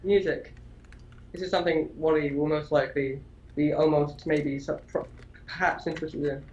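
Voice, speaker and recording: A man with a somewhat high voice talks casually about video games on a podcast. He rambles, restarts his sentences and swears in passing. His mic sounds dull and lo-fi. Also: fairly even intonation, normal speed, a little mellow, slight background noise. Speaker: podcast co-host. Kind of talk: casual gaming chat.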